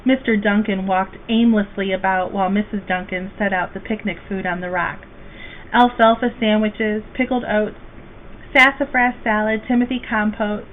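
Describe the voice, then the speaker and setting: Woman reading a storybook aloud, tinny sound. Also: mid-range voice. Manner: slow, gentle and expressive. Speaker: guest reader. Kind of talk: children's storybook read-aloud. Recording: tinny phone-like, faint hiss.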